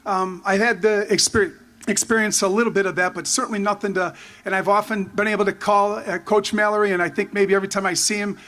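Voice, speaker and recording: A man in his fifties giving a rambling, excited tribute speech full of anecdotes and restarts. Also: high voice, quick pace. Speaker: former player giving a tribute. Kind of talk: storytelling speech at a memorial.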